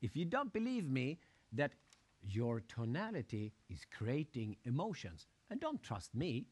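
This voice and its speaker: A man giving a live motivational seminar talk, animated, acting out crowd shouts and putting questions to his audience. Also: medium pitch, unhurried, husky. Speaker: motivational speaker.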